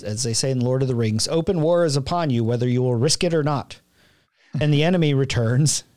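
A man's voice: mid-range voice, a little mellow, clear, resonant tone, dry recording, studio quality. A man co-hosting a casual faith podcast, reflective and quoting scripture as he talks. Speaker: podcast co-host.

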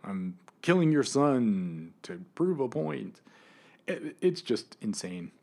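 A man hosting his own podcast, ranting with anger and frequent swearing, swinging between loud outbursts and quiet asides. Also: mid-range voice, big pitch swings, slow pace, gravelly. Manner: angry, emphatic, swears often, swings between loud and soft. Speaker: podcast host. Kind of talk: impassioned solo podcast rant.

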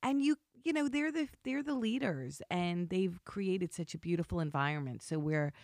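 A woman, an actress, chatting in a podcast interview, effusive and gushing, with lots of fillers and big swings in pitch. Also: animated, moderate pace, darkish tone, dry recording, studio quality. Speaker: actress guest.

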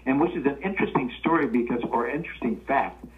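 A man's voice: medium pitch, quick pace. An older man from Los Angeles, a guest telling old stories and acting out the voices of the people in them. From Los Angeles, California. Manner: relaxed anecdotal storytelling, acting out quoted voices. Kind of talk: storytelling interview. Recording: tinny phone-line sound.

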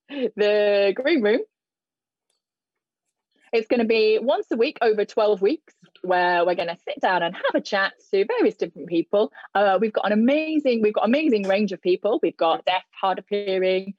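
A woman sign language interpreter gives a live spoken voice to a deaf host's signing, pausing often with fillers and restarting sentences. Her voice sits fairly low. It comes through a dull, muffled video call line with no room sound. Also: darkish tone, no room sound. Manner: hesitant, many fillers and restarts. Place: indoors in front of a plain grey backdrop.

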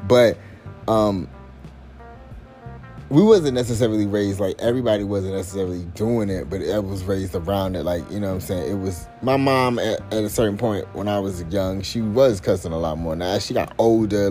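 A man hosting a casual commentary podcast, talking in a loose, rambling way with heavy swearing and constant fillers. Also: fairly low pitch. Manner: profane, rambling, lots of fillers. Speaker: podcast host.

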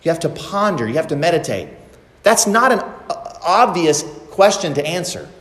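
A pastor preaching a sermon in an earnest way, slowing down to stress key points, in a church. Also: male voice, on the high side, big pitch swings, a bit bright. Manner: earnest preaching, slows down for emphasis. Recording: echoey church hall with long reverb.

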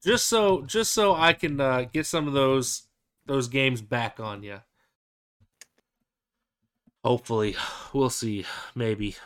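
A man's voice: medium pitch, slow, long pauses, fairly bright tone, clean tone. A young man co-hosting a casual sports podcast, rambling with hesitant restarts and fillers. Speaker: podcast co-host.

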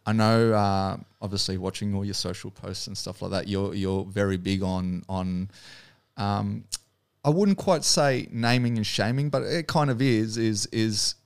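A man's voice: on the low side, unhurried, creaky, smooth. A man hosting an interview, asking questions hesitantly and searching for his words. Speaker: interviewer, host. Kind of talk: conversational interview.

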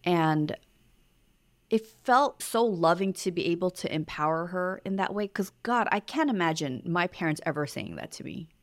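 Low-voiced woman co-hosting a podcast. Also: lively intonation, normal speed. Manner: reflective, storytelling, soft-spoken. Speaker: podcast co-host. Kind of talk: casual conversation.

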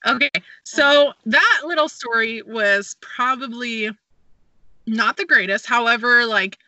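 A woman's voice: a little high, measured pace, bright, forceful tone, dry recording, muffled recording. A young woman telling a story and giving travel advice in a casual chat, with many fillers and a giggly manner.

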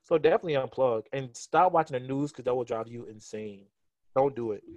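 A man co-hosting a casual podcast, talking in an animated, joking way and laughing often. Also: medium pitch, brisk, no room sound, highs cut off. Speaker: podcast co-host.

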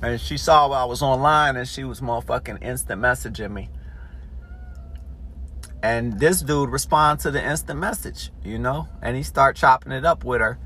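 A man telling a story in a casual, animated way, full of swearing. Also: mid-range voice, normal speed, a little hiss or hum. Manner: animated, profanity-heavy storytelling.

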